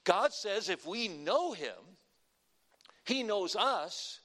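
Male preacher, high-pitched, emphatic sermon delivery, loud and soft swings. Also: sing-song, very slow.

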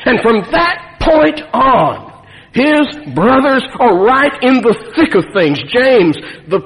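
A man preaching a sermon in a folksy, animated way, with asides to his congregation. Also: high-pitched. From Nevada. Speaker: pastor. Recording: long reverb of a church hall.

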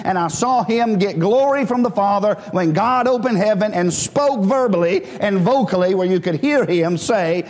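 A man's voice: sits high, a little mellow. A man preaching a sermon, talking conversationally with frequent "right?" and chuckles, then rising to fervent exhortation. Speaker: pastor. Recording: long hall reverb.

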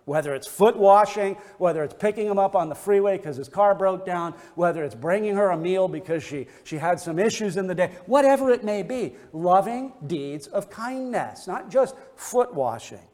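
A man's voice: high voice, expressive, normal speed, hardly any pauses, a little mellow. A man preaching a sermon as pastor, emphatic and repetitive in his delivery. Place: church sanctuary. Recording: long reverb of a church hall.

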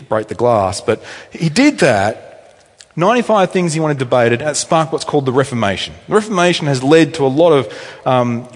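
A man preaching a sermon as pastor, conversational with wry asides and emphatic repetition. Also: medium pitch. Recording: long hall reverb.

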